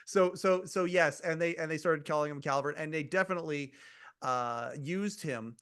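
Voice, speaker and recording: Podcast host guy, kinda high voice, lots of yep and um. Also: a bit bright. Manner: quick affirmations, many fillers and restarts. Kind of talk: casual interview chat.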